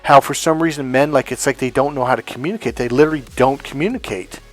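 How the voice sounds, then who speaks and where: A man's voice: medium pitch, fast talker, soft background music. A man coaching other men on dating in a blunt, profane, casual monologue, acting out quotes as he goes.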